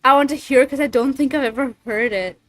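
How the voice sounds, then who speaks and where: A woman's voice: high voice, quick pace, fairly bright tone, dry recording, soft background music, rough recording. A young woman voice actor chatting casually with viewers on a livestream, giggly, slangy and given to swearing. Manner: giggly, slangy and profane, reacting to chat.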